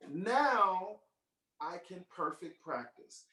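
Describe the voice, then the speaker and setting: A man, a musician teaching children over a video call, telling a story in a playful, expressive way and asking the audience questions, with piano behind him. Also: high-pitched, normal speed. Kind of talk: animated storytelling workshop. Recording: echoey room audio from far off.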